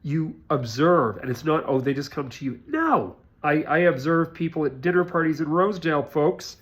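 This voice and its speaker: A man's voice: on the high side, animated, normal speed, fairly bright tone. A middle-aged man, a psychic, talking in a rambling, chatty vlog monologue and laughing often.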